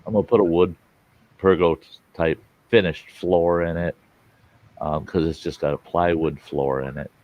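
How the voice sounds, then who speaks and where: At normal speed and with fairly even intonation, a low-pitched man hosts a live storytelling stream. He talks easily with viewers, rambling through folksy tales where he acts out what people said, in dull lo-fi audio.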